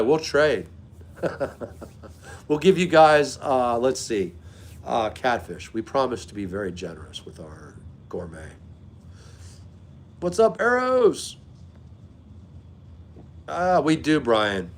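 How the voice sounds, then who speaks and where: A man's voice: mid-range voice, very animated, slow, pauses often. A man hosting a live stream, chatting casually and greeting viewers by name as he talks. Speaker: livestream host.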